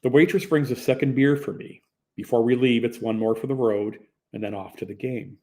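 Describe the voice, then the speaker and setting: A man's voice: medium pitch, steady tone, fairly quick, dark tone. A young man narrating a first-person audiobook in a plain, conversational storytelling manner.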